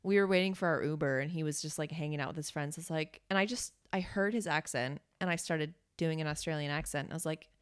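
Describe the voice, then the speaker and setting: A woman's voice: quick pace, hardly any pauses, clean tone. A young woman co-hosting a podcast, chatting casually and telling stories with casual swearing. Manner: expressive, swings widely in pitch, swears casually. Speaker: podcast co-host. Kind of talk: casual chat.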